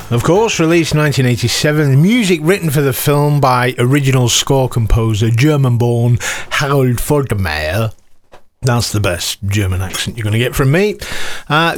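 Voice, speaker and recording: A man's voice: mid-range voice, no room sound. A male radio DJ linking songs on a music show, sharing trivia in a chatty way with offhand asides.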